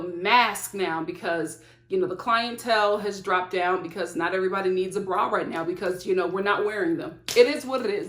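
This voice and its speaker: A woman reviewing a reality TV show in casual commentary to the camera, animated and exclaiming in disbelief, recorded in a room at home. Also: fairly high pitch. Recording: roomy echo.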